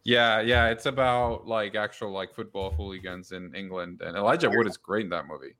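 A man with a fairly low voice hosts a relaxed podcast conversation. He rambles a bit, circling back and restarting his sentences as he talks. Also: a little fast. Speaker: podcast host. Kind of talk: casual chat.

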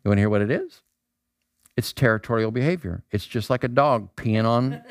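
A man's voice: mid-range voice, fairly quick, dry recording. A man preaching a casual, conversational sermon, asking rhetorical questions and acting out voices. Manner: animated, acts out voices, asks rhetorical questions. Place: outdoor square.

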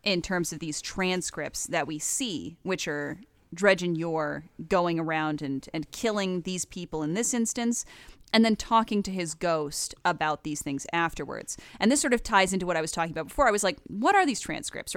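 A woman co-hosting a casual podcast, breaking down game lore in an animated, profane way. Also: on the low side, smooth, no room sound. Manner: animated, profane, quick asides. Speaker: podcast co-host.

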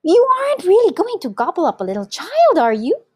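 A woman doing a squeaky shrill monkey, storybook style. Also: wildly swooping pitch, brisk, darkish tone, no room sound, full character voice. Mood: shrill alarmed. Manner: squealing, alarmed. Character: shrill excitable male monkey.

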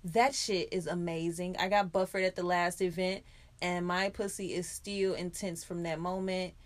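A woman's voice: on the low side, flat delivery, moderate pace. Woman on a podcast just chatting, cusses a lot, laughs a bunch, totally frank. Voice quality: frank, profane, laughs often. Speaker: podcast co-host. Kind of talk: casual chat.

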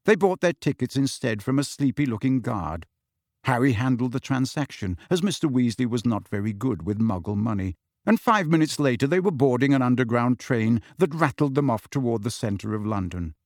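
Brief: male storyteller, animated delivery, dry close sound. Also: medium pitch, normal speed, dry recording. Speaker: audiobook narrator. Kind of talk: audiobook narration.

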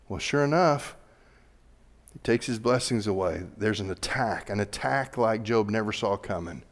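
A male pastor preaching a sermon in a church, animated, building to loud emphatic peaks. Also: fairly low pitch, normal speed. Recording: reverberant hall.

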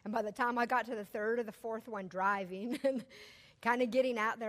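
A middle-aged woman with a fairly high voice, telling a personal story to a gathered audience. She is animated and chatty, and laughter slips into her telling. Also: brisk. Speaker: speaker to a church audience.

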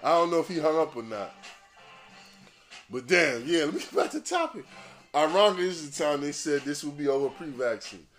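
A podcast host with a slightly higher-than-average, fairly bright voice rambles through a casual monologue at a brisk clip, very animated. He swears freely and laughs at his own jokes, with faint music playing behind him.

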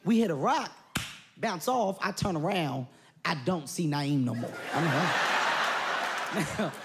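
Male stand-up comic, high voice, animated storytelling, shouted bits, noisy live stage. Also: takes it slowly. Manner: animated, jumps into shouted quotes. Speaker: comedian. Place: comedy stage before an audience.

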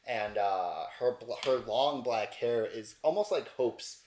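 A man's voice: mid-range voice, takes it slowly, a little mellow, roomy sound, slight background noise. A man narrating a tabletop game as game master, describing scenes loosely with many fillers.

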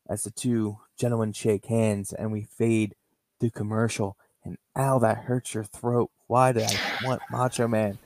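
A man's voice: lowish voice, level tone, unhurried, dry recording. A man hosting a podcast, narrating a toy wrestling show play by play and calling out names like a ring announcer. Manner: announcer-style, calls wrestlers' names loudly. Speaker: podcast host.

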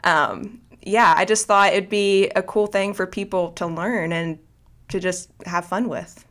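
A woman's voice: on the low side, steady tone, unhurried, a bit bright. A woman guest chatting casually on a podcast, talking in a loose, rambling way with many fillers and restarts. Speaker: guest, book video creator.

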